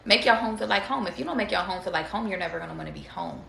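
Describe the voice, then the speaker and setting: A woman's voice: medium pitch, animated, racing, gravelly, a bit bright, a little hiss or hum. A woman giving a casual tarot reading to viewers, chatty, slangy and freely profane as she talks to them directly. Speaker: tarot reader. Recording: roomy echo.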